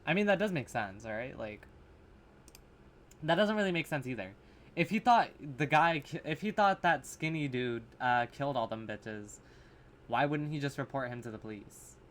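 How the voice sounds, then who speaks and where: A man's voice: medium pitch, lively intonation, moderate pace, a bit bright, slight background noise. A man in a horror reaction vlog, rambling in loose commentary, full of fillers, swearing and sarcastic asides, recorded on his camera's mic.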